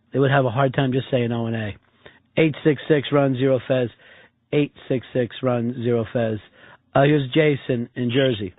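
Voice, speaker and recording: A man's voice: medium pitch, dry recording. A man hosting a call-in radio show, joking loosely with callers. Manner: loose, jokey, mimics callers' accents. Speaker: radio talk show host. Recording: tinny phone-like broadcast sound.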